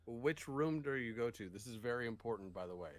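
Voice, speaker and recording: A man's voice: mid-range voice, lively intonation, a little fast, a crowd in the background. A man playing in a tabletop game, giving brief, teasing replies. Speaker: player. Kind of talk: casual table talk.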